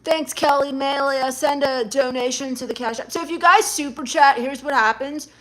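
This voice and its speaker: A woman live streamer reading chat messages aloud in a sarcastic, mocking way that turns snappy and quick-tempered. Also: high voice, fairly even intonation, fairly bright tone.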